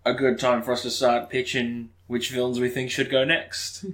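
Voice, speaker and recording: A man's voice: mid-range voice, completely flat delivery, normal speed, a bit bright. Chatty man rambling casually. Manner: rambling, restarts, swears casually, enthusiastic. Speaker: podcast co-host. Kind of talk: casual chat.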